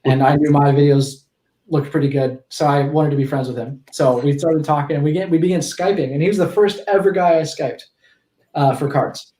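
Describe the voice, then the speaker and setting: A man in his twenties talks through a story as a podcast guest, in a slightly high voice that keeps restarting and correcting itself. His casual rambling carries a noticeable echo from the room around him. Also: steady tone, a little fast, dark tone. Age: 20s.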